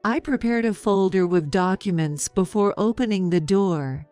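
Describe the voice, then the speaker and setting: A woman in her fifties narrating a story in a calm, measured, sarcastic way. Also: mid-range voice, clean tone, no echo, faint music behind.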